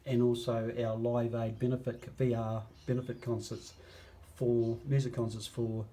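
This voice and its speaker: A man with a New Zealand accent making an impassioned appeal to viewers, stretching out key phrases and swinging between loud stresses and hushed asides. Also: medium pitch, little pitch movement, moderate pace. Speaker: campaigner addressing viewers.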